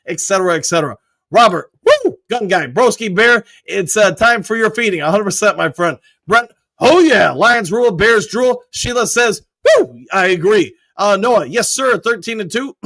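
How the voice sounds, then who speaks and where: Male stream host, high voice, upbeat, rattles off chat comments with whoops. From Michigan. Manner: upbeat, reads comments aloud with quick shout-outs and whoops. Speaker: host reading live chat. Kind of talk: casual live-stream chat.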